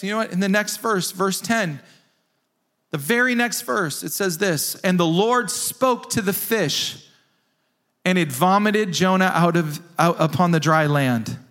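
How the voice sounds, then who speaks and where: A man preaching a sermon to his congregation, his voice pitched high for a man. He talks emphatically and with energy, leaning on repetition to drive points home. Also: unhurried. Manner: animated, emphatic preaching with repeated phrases. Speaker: pastor.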